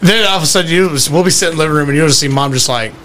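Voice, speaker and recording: A man co-hosting a podcast in casual chat, trading crude banter and quick anecdotes. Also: on the high side, a bit bright, a little hiss or hum. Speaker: podcast co-host.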